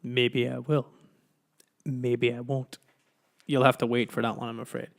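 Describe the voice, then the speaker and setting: A man's voice: medium pitch, level tone, a little slow, gravelly. A young Irish man hosting a podcast, chatting casually in a loose, rambling, profane way with many restarts. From Ireland. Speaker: podcast host. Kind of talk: casual solo podcast chat.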